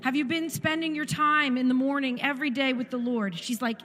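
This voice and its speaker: A woman's voice: sits high, fairly even intonation, fairly quick, fairly bright tone, big-room sound, faint music behind. A woman in her forties giving an impassioned church testimony, firing off repeated rhetorical questions. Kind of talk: sermon testimony.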